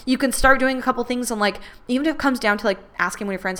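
A woman's voice: on the high side, racing, pushed and bright. A woman talks through a casual podcast episode with a candid, chatty delivery. She scatters fillers through her speech and swears freely, keeping it loose and personal. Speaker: podcast host. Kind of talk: casual chat.

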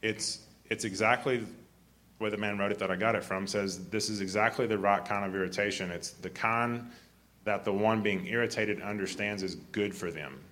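Man, deep grumbly voice, sermon, keeps clearing his throat, somewhat low pitch. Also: fairly even intonation, moderate pace, a bit bright. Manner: frequent throat clearing and repeated restarts. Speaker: preacher.

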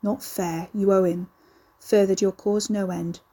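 Brief: a woman playing a gentle, quietly menacing grandmother over 60 in a storybook reading; mellow, husky. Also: mid-range voice, fairly even intonation, a little slow. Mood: gently stern. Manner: gentle, level, scolding.

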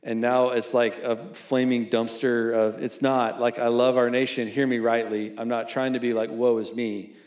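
A man of middle pitch preaching to young adults in a loose, talky style, often tossing in "right?" as he goes. His voice rings out in a roomy hall with plenty of echo. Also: little pitch movement, moderate pace, few pauses, darkish tone. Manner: conversational, often asking "right?"; reads scripture aloud. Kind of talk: sermon. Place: church hall at a college service. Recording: echoey room.

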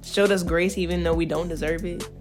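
A woman's voice: on the low side, fairly even intonation, fairly quick, over music. A woman hosting a podcast, talking about faith in a casual, slangy and encouraging way. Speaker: podcast host.

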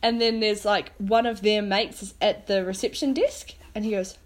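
A woman's voice: mid-range voice, fairly even intonation, moderate pace, few pauses. A young woman co-hosting a podcast, telling a travel story in casual chat, acting out her own lines with lots of "like". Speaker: podcast co-host.

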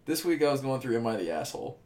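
A young man co-hosting a podcast, talking in animated, profanity-heavy casual banter. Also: mid-range voice, fast talker. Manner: animated, profane, swears constantly. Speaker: podcast co-host.

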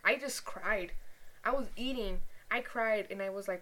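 There's slight background noise as a young podcast co-host shares a personal anecdote. She speaks at a normal pace and medium pitch, cursing frequently and animatedly voicing other people's lines in a relaxed manner.

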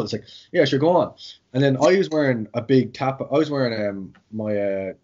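A man's voice: medium pitch, animated, fast talker, darkish tone, slightly rough. An Irish man, a jiu-jitsu instructor, telling rambling, sweary stories in casual chat, with "like" in every sentence. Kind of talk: casual podcast storytelling. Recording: dull lo-fi audio.

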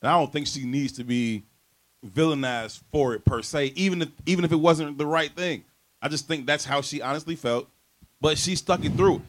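A man's voice: on the high side, normal speed. A man co-hosting a casual podcast, speaking in with a laid-back, reflective manner and frequent restarts. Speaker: podcast co-host.

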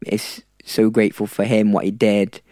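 A man's voice: lowish voice, flat delivery, normal speed, dark tone, no echo, clean studio sound. A young man in his twenties as a podcast guest, talking informally with many hesitations and restarts. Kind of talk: casual chat.

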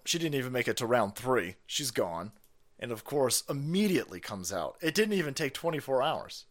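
A man hosting a livestream, ranting in a profane, sarcastic, mocking way, often laughing and yelling. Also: mid-range voice. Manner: frequent laughter and sudden yells. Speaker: stream host. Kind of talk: livestream commentary rant.

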